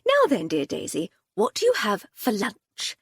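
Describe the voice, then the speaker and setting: A woman's voice: mid-range voice, wildly swooping pitch, a little slow, husky, no echo, heavily acted. A woman narrator voicing a witty, unflappable upper-class lady detective with a dry, breezy manner.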